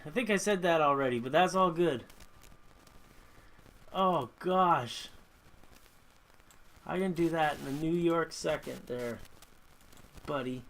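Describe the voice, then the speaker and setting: A man with a high voice chats loosely on a live stream from his home workshop. He rambles from topic to topic and greets viewers as he reads their comments. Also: a bit bright, low-quality recording. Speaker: host of a live model-building stream. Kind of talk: casual live-stream chat.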